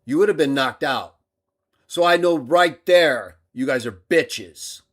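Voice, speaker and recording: A man hosting a livestream, delivering an aggressive rant that swings between loud outbursts and low muttering. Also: lively intonation, slow pace. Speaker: livestream host.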